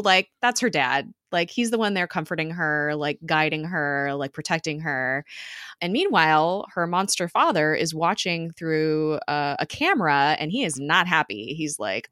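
Low-voiced woman chatting casually. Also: measured pace, smooth, no echo, studio quality. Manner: animated, chatty recap with frequent fillers and laughs. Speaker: podcast co-host recapping a TV episode. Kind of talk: casual chat.

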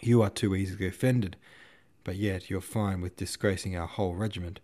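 A man reading the part of a gruff older army staff captain who lectures a young officer in coarse slang. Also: low-pitched, steady tone, a little fast, mellow. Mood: scolding. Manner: scolding, earnest, coarse slang.

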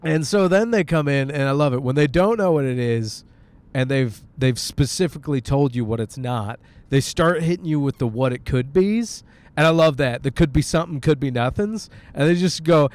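A man's voice: medium pitch, animated, normal speed, a little mellow. Sick man joking through a car monologue. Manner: joking, profane, laughs often. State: sick with a sore throat. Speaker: podcast host. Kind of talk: casual rambling monologue while driving. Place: car, on the road.

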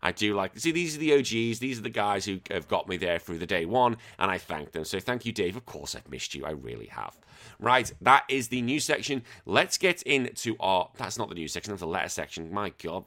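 A man's voice: deep voice, fairly bright tone. Ranting, sweary man. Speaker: podcast host. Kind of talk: casual chat.

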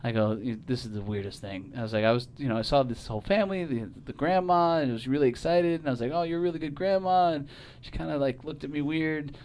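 A man's voice: medium pitch, fast, darkish tone, slight background noise. A man telling a story on a podcast in casual, profane talk, acting out the voices of the people in it. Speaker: podcast guest.

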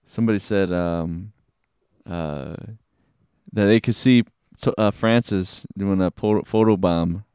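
A man co-hosting a podcast as a religious brother, chatting casually with halting fillers. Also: deep voice, a little mellow, clear, resonant tone, dry recording, studio quality. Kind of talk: casual chat.

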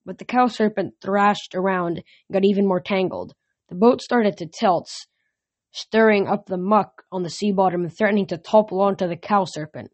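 A woman's voice: medium pitch, normal speed, muffled recording. Woman reading a novel, stumbling on words. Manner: unpolished, frequent restarts and slips.

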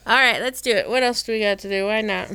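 A woman's voice: mid-range voice, fast, sharp tone, clear, resonant tone. A woman co-hosting a podcast in casual chat, giving dry, matter-of-fact asides. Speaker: podcast co-host.

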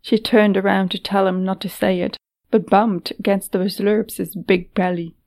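Slow gravelly woman narrator. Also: mid-range voice. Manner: measured, steady storytelling. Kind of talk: audiobook narration.

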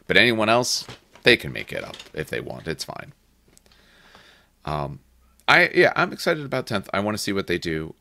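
A man's voice: deep voice, bright, forceful tone, no echo. A man hosting a podcast in casual gaming chat, opinionated and rambling with restarts. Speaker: podcast host.

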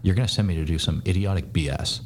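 A deep-voiced man talks fast and bluntly, swearing freely as he tells a long story. He is a former soldier speaking as a podcast guest, relaxed and conversational. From United States. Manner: blunt, profane, fast-talking. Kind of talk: casual storytelling.

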